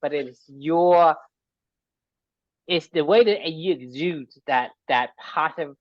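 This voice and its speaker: A woman's voice: deep voice, takes it slowly, dry recording. A woman co-hosting a podcast in casual chat, earnestly driving home her points. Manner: earnest, repeats points with "right?". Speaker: podcast co-host. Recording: dull dry lo-fi recording.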